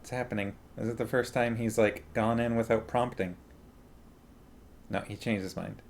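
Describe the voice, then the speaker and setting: A man's voice: lowish voice, fairly even intonation, normal speed, vocal fry, a little hiss or hum. A man chatting casually on a live stream, greeting viewers one by one and talking playfully to his dog at home.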